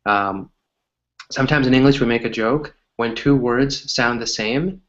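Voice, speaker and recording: A man's voice: medium pitch, measured pace. Guy teaching english casually, chatty and easygoing, kinda dull lo-fi audio. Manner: relaxed, chatty, explains with examples. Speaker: English tutor. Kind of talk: casual conversation lesson.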